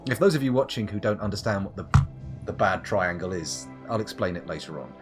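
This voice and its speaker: A man's voice: sits low, expressive, brisk, loud music behind the voice. A man giving playful, jokey live gameplay commentary as a streamer, with muttered asides. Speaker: game streamer.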